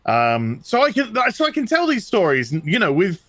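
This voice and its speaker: The middle-aged British man co-hosting has a voice that sits high, moving at a normal speed on a dry recording. Animated and storytelling, he keeps circling back, repeating himself and restarting as he shares personal tales in casual talk.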